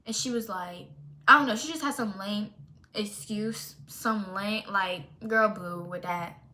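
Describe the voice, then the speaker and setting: A young woman telling a storytime in a casual, animated and sassy way, with exaggerated retellings. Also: medium pitch, a little slow, slight background noise. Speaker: storytime vlogger.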